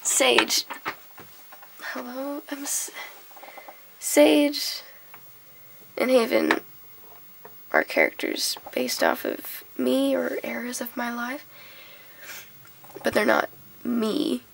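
A sick young woman with a heavily gravelly, croaky voice, talking slowly and a little high. She rambles, giggles and loses her thread. Faint noise sits under the recording. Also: big pitch swings, fairly bright tone, low-quality recording. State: sick, hoarse. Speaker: vlogger. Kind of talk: casual chat.

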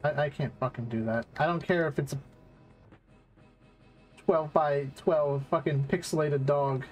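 A man's voice: a little high, measured pace, faint music behind. Young man streaming a game, swearing freely. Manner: swears often, reacts loudly, coos at a dog in the game. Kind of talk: casual let's-play commentary.

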